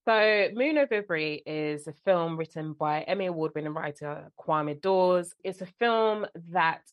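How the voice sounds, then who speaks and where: A young woman with a London accent talks in an animated, storytelling way, often slipping into other people's voices. Her voice sits fairly low. The sound is dry and close. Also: normal speed, no room sound, highs cut off. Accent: London English. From London, England. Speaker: guest actress and filmmaker. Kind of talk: conversational interview.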